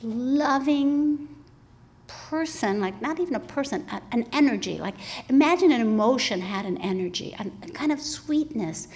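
A woman's voice: on the high side, lively intonation, moderate pace. Earnest woman in her sixties recounting memories. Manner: earnest and reflective, drops to soft breathy asides. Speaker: author guest. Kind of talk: conversational storytelling.

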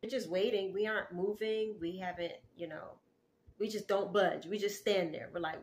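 A woman casually telling a dream story in an animated, chatty way, full of asides. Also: lowish voice, normal speed, slight background noise. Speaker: faith vlogger sharing a dream.

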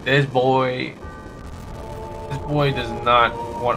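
A young man streaming a first playthrough of a game, reacting with excited, slangy exclamations. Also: mid-range voice, slow pace, music in the background. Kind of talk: let's play reactions.

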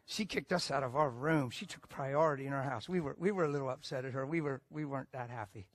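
A male preacher telling a story in a sermon, animated and emphatic, moving between loud bursts and hushed asides. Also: medium pitch, fast, no room sound.

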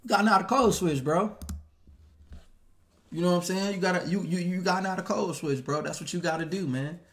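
A man's voice: high-pitched, moderate pace. A man hosting a live stream, talking casually in African American Vernacular English, slangy and repetitive. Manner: slangy, animated, repeats himself. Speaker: host.

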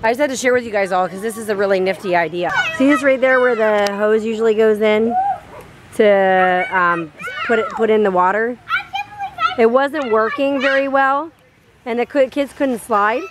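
A woman's voice: on the high side, normal speed, noisy background. A young woman narrating a family vlog outdoors at a backyard pool, chatting to viewers with lots of "like" fillers. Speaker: family vlogger.

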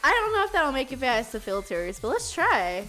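High, lively giggly woman streamer. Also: moderate pace, faint music behind. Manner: giggly, swears freely, talks to chat. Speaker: live streamer. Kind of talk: casual live-stream chat while gaming.

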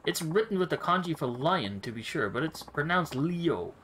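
A snooty self-declared nobleman in his thirties, as a man reads him out, heaping grand, flowery scorn on everyone. The pitch swoops widely as he preens. Each word is delivered with lofty contempt. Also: lively intonation, normal speed, a bit bright, slight background noise, low-quality recording. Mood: haughty. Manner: haughty, florid insults. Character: pompous self-styled male nobleman, thirties.

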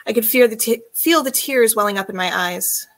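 A woman author reading from her own novel in an even, intimate storytelling voice with a soft, low delivery. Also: normal speed.

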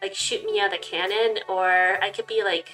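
A giggly young woman chatting her way through a story game, reading lines aloud and joking between them. Her voice sits at a middle pitch, and quiet music plays underneath. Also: steady tone, normal speed. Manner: giggly, chatty, lots of likes and you-knows. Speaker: gaming channel host. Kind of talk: casual game playthrough commentary and reading aloud.

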